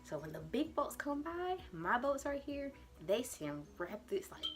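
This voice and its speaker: A young woman vlogger telling a dramatic storytime to her camera, animated and acting out her own panic. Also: sits high, measured pace, faint music behind. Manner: acts out her panicked past self in quotes. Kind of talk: storytime vlog.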